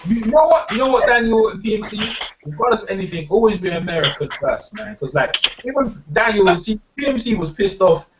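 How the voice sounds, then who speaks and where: A man's voice: high voice, lively intonation, brisk, hardly any pauses, distant mic, very noisy. A man, hosting a boxing talk stream and ranting heatedly, profane and emphatic, repeating words as he gets worked up. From England. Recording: dull lo-fi sound, off mic.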